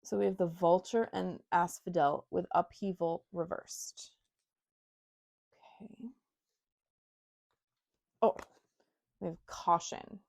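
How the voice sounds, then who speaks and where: A woman's voice: fairly low pitch, fairly even intonation, slow, creaky, long pauses, darkish tone. A young woman giving a casual, intuitive tarot reading to her viewers, talking frankly with lots of fillers and asides. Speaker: tarot reader.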